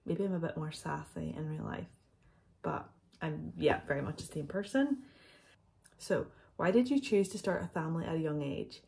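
A young woman talks casually to her viewers, loose and chatty with plenty of ums. Her voice sits a touch low, and she sounds slightly out of breath throughout. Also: normal speed, gravelly, darkish tone. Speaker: vlogger. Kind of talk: casual chat answering viewer questions.

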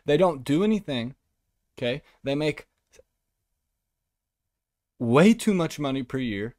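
A man hosts a comedy podcast, ranting in a profane, mocking way. His pitch swings widely and his pace is slow and deliberate. The recording is close and dry. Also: no echo. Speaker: podcast host. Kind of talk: comedic rant.

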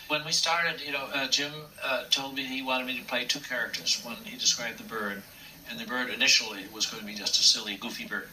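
A man's voice: mid-range voice, steady tone, fairly quick. An older man, a puppeteer, telling stories from his career in an interview, acting out the voices he quotes. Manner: warm, anecdotal, acts out quotes. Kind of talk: reminiscing interview storytelling. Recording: distant mic with faint room noise.

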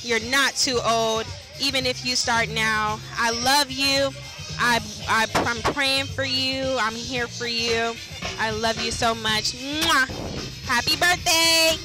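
A woman's voice: a little high, fairly even intonation, slow. A young woman leaving a tender, encouraging birthday message for her mother. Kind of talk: heartfelt recorded birthday message. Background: party music.

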